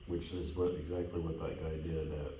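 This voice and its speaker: A man chimes in with quick, offhand remarks in a very deep, flat, dark voice. He sits well back from the mic in a strongly echoing room. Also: slight background noise. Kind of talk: casual chat. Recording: echoey room, far from mic.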